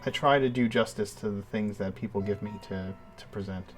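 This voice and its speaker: Low-voiced easygoing male dungeon master. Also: fairly quick, faint music behind. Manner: easygoing, hesitant with fillers. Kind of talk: casual live-stream game talk.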